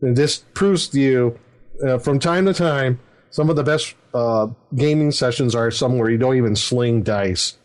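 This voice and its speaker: A man's voice: mid-range voice, measured pace. A middle-aged man hosting a podcast, rambling through a casual anecdote about running a tabletop game, with many fillers and chuckles. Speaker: podcast host and game master.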